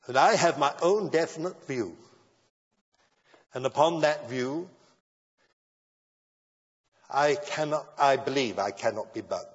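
A man preaching a sermon in a measured style that builds to emphatic declarations. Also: medium pitch, slightly rough. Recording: dull lo-fi sound with long hall reverb.

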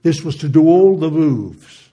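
A man preaching, telling a testimony story in an animated way with frequent chuckles. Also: a little high, unhurried, muffled recording.

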